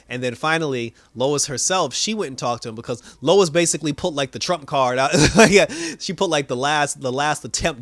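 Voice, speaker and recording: A man's voice: mid-range voice, dry recording. A man casually recapping a TV episode, acting out the characters' lines with frequent laughs and fillers. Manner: animated retelling with quoted voices and laughs. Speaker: TV episode reviewer.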